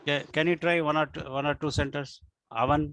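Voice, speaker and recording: A man tutoring one student casually, halting with many fillers and restarts. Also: on the high side, little pitch movement, a bit bright, no room sound. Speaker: language teacher.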